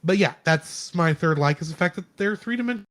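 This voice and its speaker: A man co-hosting a live stream, chatting casually about a movie in an animated, rambling way with lots of restarts. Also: sits high, quick pace. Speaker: podcast co-host. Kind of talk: casual film review chat.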